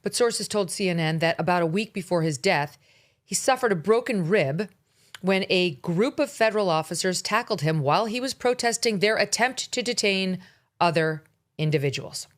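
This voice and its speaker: A woman's voice: fairly low pitch, expressive, moderate pace. A middle-aged woman hosting her own talk show, delivering blunt, sarcastic political commentary. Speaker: host. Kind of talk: opinionated talk show monologue.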